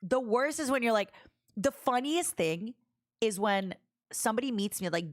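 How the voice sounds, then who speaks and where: A woman's voice: fairly high pitch, moderate pace. A woman streamer chatting casually with her viewers, reading their messages aloud and laughing often. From Canada. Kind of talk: casual livestream chat.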